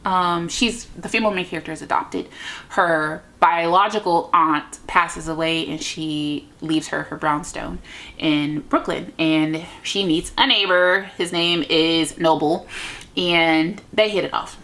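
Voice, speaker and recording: A chatty young woman reviewing books in a casual, rambling way, full of "like" and asides to her viewers. Her voice sits fairly low for a woman, and she gushes warmly over the stories she loved. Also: steady tone, measured pace. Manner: chatty, gushing, lots of "like" and "you know what I mean". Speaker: book vlogger. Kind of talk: casual book review chat.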